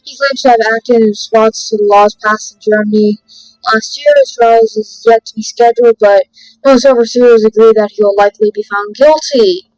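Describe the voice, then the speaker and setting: A woman with a high voice hosts a let's play, reading game text aloud and adding jokey asides. The recording is close and dry. Faint music plays beneath her. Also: animated, normal speed, a little mellow, no room sound, low-quality recording. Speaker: gaming video host.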